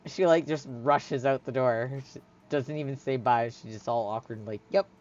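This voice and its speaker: A woman's voice: extremely low pitch, normal speed, a little mellow. A woman narrating a tabletop game as game master, chatty and giggly, on a slightly muffled recording with faint hiss.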